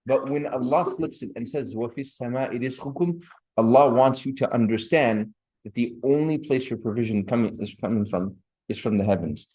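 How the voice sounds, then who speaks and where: A man's voice: medium pitch, moderate pace, dark tone. A man teaching an Arabic grammar class, quizzing students by name and reciting Arabic phrases between his English explanations. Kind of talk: classroom lecture. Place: seminary classroom.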